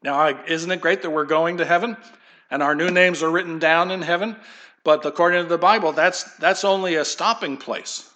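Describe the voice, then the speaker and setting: A pastor preaching a sermon in an easygoing, conversational way, wandering into folksy asides. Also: male voice, on the high side, a little fast, bright, forceful tone.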